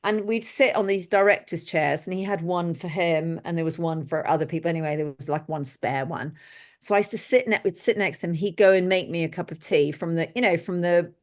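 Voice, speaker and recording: Brief: middle-aged woman guest, lively and blunt storyteller, lowish voice. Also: a little fast. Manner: lively anecdotal, blunt and exclamatory. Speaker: guest, film set decorator. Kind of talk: casual interview storytelling.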